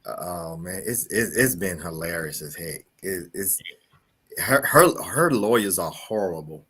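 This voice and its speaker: A man's voice: low-pitched, expressive, unhurried, pushed and bright, slightly rough. A man co-hosting a casual talk show, full of exclamations and laughing reactions.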